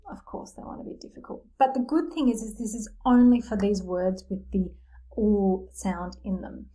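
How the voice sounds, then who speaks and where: A woman's voice: medium pitch, normal speed, mellow, rough recording. A woman teaching teachers spelling rules in a friendly explanatory lesson, using playful metaphors. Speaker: literacy teacher trainer.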